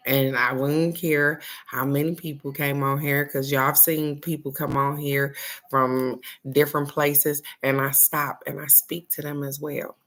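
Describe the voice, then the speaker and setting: An older woman, hosting a morning live stream and talking in a casual, heartfelt way to her viewers, often asking "guess what?". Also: very deep voice. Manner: repetitive, warm-hearted, asks "guess what?".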